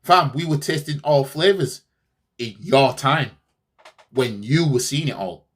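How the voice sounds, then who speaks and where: A man's voice: mid-range voice, expressive, a little slow, breathy edge. Ranting man reacting to football clip. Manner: heated, sarcastic, repeats himself. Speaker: fan channel host reacting to a clip.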